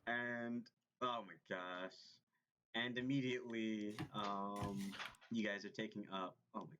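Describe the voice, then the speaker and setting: A man's voice: on the low side, steady tone, slow pace, background noise. A man narrating as game master of a tabletop game, hesitant and full of fillers and restarts. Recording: dull lo-fi recording.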